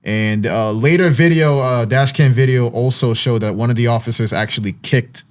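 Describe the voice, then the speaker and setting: A man hosting a relaxed sports chat, recapping the news in a loose, animated way with plenty of "uh"s and trailing restarts. His voice sits in a middle register, neither high nor low. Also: normal speed. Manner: animated storytelling, frequent fillers. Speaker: podcast host. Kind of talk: casual sports talk.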